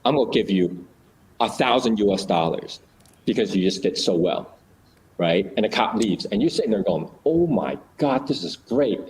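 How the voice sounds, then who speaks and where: A man's voice: lowish voice, normal speed, slight background noise, poor audio. A man in a casual chat, explaining ideas through little acted-out stories, with many fillers and restarts.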